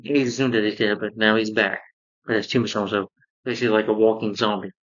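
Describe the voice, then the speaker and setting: Male reviewer, lowish voice, rambling casual recap with constant fillers, dull lo-fi home recording. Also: steady tone, quick pace, fairly bright tone. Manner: rambling recap full of "you know" fillers. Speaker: cartoon reviewer.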